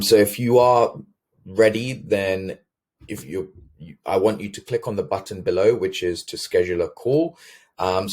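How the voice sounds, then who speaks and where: Male host, deep voice, earnest sales pitch, lots of fillers. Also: a little mellow. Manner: earnest, filler-heavy, self-correcting. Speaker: webinar host.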